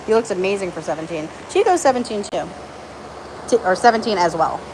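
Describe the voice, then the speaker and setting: A woman casually vlogging on her farm, chatting about her animals and cooing at them in a high baby voice. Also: animated, brisk. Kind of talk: casual vlog narration and talking to animals. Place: outdoors on a farm with birds and horses. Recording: outdoor farm noise behind.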